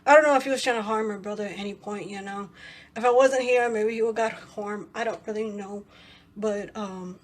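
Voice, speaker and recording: A woman's voice: mid-range voice, steady tone, brisk. A young woman vlogger telling a story in a casual, rambling way, full of "you know" and "right".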